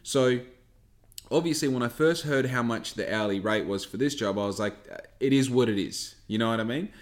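A man's voice: medium pitch, fairly quick. A man, rambling and swearing through a casual podcast monologue. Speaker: podcast host.

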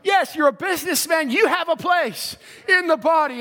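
High-voiced preacher shouting and hushing. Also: male voice, normal speed, few pauses. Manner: preaching with swings from shouting to hushed tones. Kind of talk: sermon.

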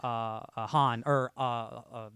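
A man in a casual film podcast chat, talking loosely with lots of fillers and quick agreement. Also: mid-range voice, fairly even intonation, a bit bright, clean tone, dry recording, clean studio sound. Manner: chatty, many fillers, frequent agreement. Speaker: podcast co-host.

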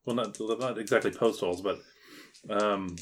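A man's voice: on the low side, moderate pace. Man running a tabletop game, hesitant. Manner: hesitant, filler-heavy scene description. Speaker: game master.

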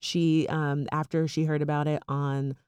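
A young woman co-hosting a podcast in casual chat, animated and full of "like" fillers. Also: low voice, unhurried, smooth, no echo. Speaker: podcast co-host.

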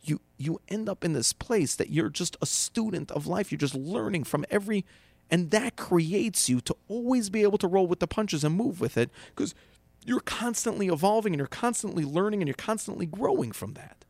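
A man's voice: high-pitched, normal speed, no echo. A man who teaches as a rabbi, giving casual spoken advice and acting out the people in his stories with frequent restarts. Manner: animated storyteller acting out quotes, many restarts.

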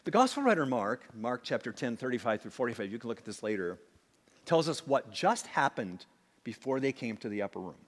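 A man preaching a sermon, swinging from emphatic acted-out quotes to hushed asides. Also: medium pitch, very animated, a little fast. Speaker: pastor. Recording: long hall reverb.

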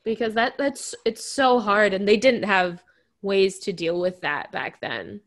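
A woman co-hosting a casual podcast chat, talking in an animated way and acting out quotes in a raised voice. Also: mid-range voice, a little slow. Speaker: podcast co-host.

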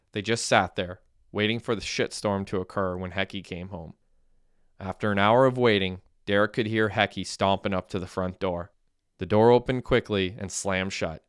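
Smooth low-voiced male audiobook narrator. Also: a bit bright, no echo, clean studio sound. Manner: plain, matter-of-fact reading. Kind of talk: scripted narration.

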